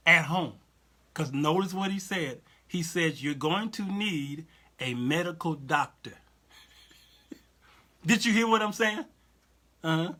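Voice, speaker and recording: Talk show host: bright, animated man; repeats himself, keeps asking "you understand?". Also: on the high side. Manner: animated, repetitive, asks listeners "you understand what I'm saying?"; reads and answers viewer comments aloud. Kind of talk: casual Christian talk show commentary.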